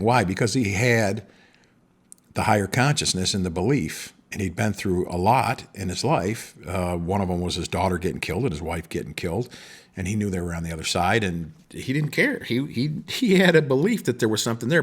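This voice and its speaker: A man's voice: lowish voice, lively intonation, fairly quick, slightly rough. A middle-aged man hosting a podcast, talking in a rambling monologue with many restarts. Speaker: podcast host. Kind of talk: casual monologue.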